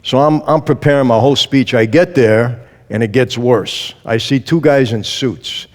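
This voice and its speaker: A man tells his story as an interview guest, animated and acting out each quoted exchange. His voice sits at an everyday male pitch. A long reverb hangs behind it, as if recorded in a large hall. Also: moderate pace. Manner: lively storyteller who acts out quoted dialogue. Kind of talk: storytelling testimony.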